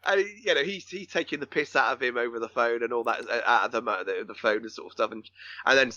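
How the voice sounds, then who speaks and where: A man's voice: medium pitch, fast talker, sharp tone, no echo, lo-fi sound. A man co-hosting a film podcast, talking casually with lots of restarts and casual swearing. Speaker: podcast co-host.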